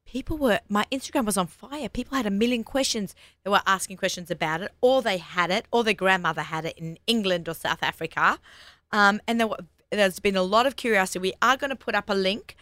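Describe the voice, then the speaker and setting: An Australian woman hosts a radio talk show, chatting enthusiastically with a guest and tossing in quick asides. Her voice is mid-range and fairly bright, recorded with no echo.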